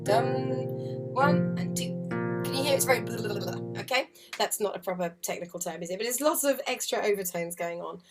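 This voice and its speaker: During a live online harp lesson over video call, a woman chats encouragingly and sings counts and rhythms as she explains. Her mid-range voice has lively intonation and runs a little fast, with loud harp playing underneath.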